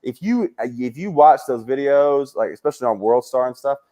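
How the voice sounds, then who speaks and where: A comedian spins fast, profane stories, his voice climbing high whenever he mimics someone. His voice sits at an everyday middle pitch for a man. He sounds like a lively young adult. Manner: animated, swearing, jumps into high voices for quoted people. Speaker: comedian guest. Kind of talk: casual storytelling.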